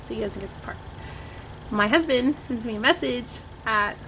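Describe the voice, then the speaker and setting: A woman's voice: on the high side, moderate pace, pushed and bright, a little hiss or hum, poor audio. A woman from Ohio telling a story to camera in a chatty vlog, with lots of "like" and "oh my gosh". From Ohio, USA. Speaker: vlogger. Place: home, dogs nearby. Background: barking dogs.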